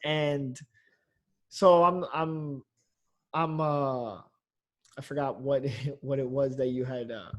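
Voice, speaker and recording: A man's voice: mid-range voice, fairly even intonation, slow, pauses often, a bit bright. A man, a comedian, chatting casually on a podcast in a loose, rambling way, full of fillers and the odd curse. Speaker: comedian guest.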